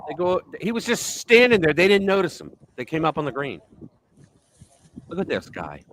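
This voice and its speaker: A man's voice: fairly high pitch, huge pitch swings, normal speed, fairly bright tone. An older man hosting a political live stream, blunt and profane, telling stories with lots of animation. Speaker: host.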